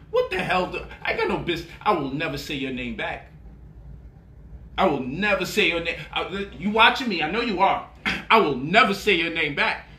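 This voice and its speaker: A man's voice: on the high side, animated, brisk, sharp tone, slight background noise. A man talking as a money vlogger in a casual, boastful monologue, swaggering and profane. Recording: roomy echo, voice off-mic.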